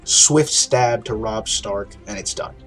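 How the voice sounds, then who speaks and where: Excited, swearing man reviewing a show. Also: fairly low pitch, takes it slowly, music in the background. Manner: excited, profane storytelling with frequent restarts. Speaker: TV episode reviewer. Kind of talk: casual video review.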